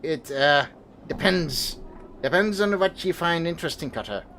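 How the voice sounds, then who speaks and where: Guy putting on a gruff slum local voice, folksy drawl, fake accent, bit high. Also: expressive, moderate pace, fairly bright tone, a little hiss or hum. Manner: drawling, folksy, says aye.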